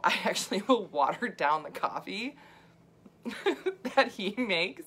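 Chatty low-voiced woman health coach. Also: a bit bright. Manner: chatty, laughs often, many fillers and asides. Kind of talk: casual livestream talk.

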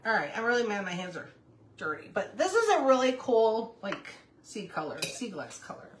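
A woman's voice: mid-range voice, big pitch swings, moderate pace, slight background noise. A woman in her fifties hosting a casual crafting livestream, chatting with viewers and calling to her puppy. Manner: chatty, reads viewer comments aloud, talks to her puppy.

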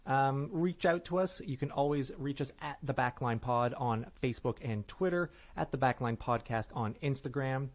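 A man's voice: mid-range voice, normal speed, few pauses. A man co-hosting a podcast, chatting casually and upbeat about improv. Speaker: podcast co-host. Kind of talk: casual chat.

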